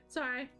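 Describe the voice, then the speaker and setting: A woman streaming a life-simulation game live, chatting with her viewers and reacting excitedly to the game. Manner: chatty, excitable, talks to chat while playing.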